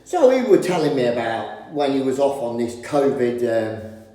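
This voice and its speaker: A man's voice: medium pitch, very animated, normal speed, dark tone, far from the mic. A British man, a decorator vlogger, telling a rambling, wry story in casual chat. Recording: very echoey room with long reverb.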